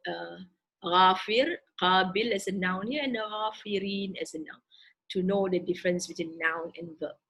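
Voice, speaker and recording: A woman with a husky, slightly breathy voice teaches a recorded grammar lesson. She explains each term slowly, word by word, pausing often and restarting her phrases. Her pitch sits in an ordinary middle range. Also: fairly bright tone, low-quality recording. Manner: halting, explaining word by word with many fillers and restarts. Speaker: Quranic Arabic teacher.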